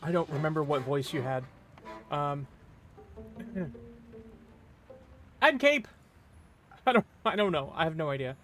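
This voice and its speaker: A streamer chatting casually during a live game stream, self-deprecating and relaxed, with faint music behind. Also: medium pitch, moderate pace, long pauses.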